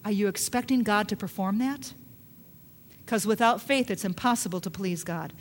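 A woman's voice: medium pitch, moderate pace. A woman pastor preaching a sermon, emphatic, with repeated rhetorical questions.

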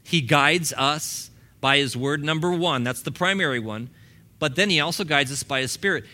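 A man's voice: on the high side, moderate pace, sharp tone. A man in his fifties, a pastor preaching a sermon in a church in a casual, conversational way, acting out little quoted exchanges. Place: church sanctuary.

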